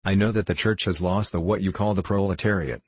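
A man's voice: deep voice, steady tone, a little fast, slightly rough, dry recording. A man voicing an earnest, distressed elderly bishop who pleads and speaks naively.

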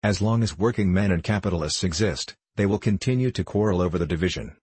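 A man's voice: deep voice, fast, darkish tone, slightly rough, dry recording. A man reading the part of a confident male socialist, explaining his case patiently.

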